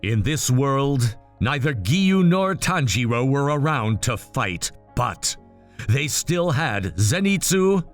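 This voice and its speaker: A young man casually narrating a fan story in a plain, unhurried way. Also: mid-range voice, very animated, faint music behind.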